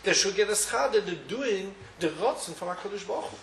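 High-voiced man with a lilt. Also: expressive, brisk, gravelly, a bit bright, a little hiss or hum. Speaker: Torah teacher. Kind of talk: Talmudic study lecture. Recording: roomy echo with faint ambience.

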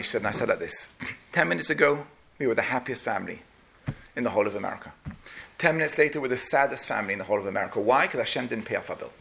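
A man with a fairly high, gravelly voice preaches a sermon as a story. His tone is bright and forceful. He jumps into the voices of his characters as he tells it. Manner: animated, acts out each person's voice.

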